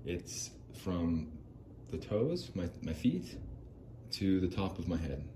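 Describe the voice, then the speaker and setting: Deep-voiced man rambling on his podcast. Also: sing-song, slow, background noise. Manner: rambling, jokey, self-deprecating. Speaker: podcast host. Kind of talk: rambling solo podcast talk.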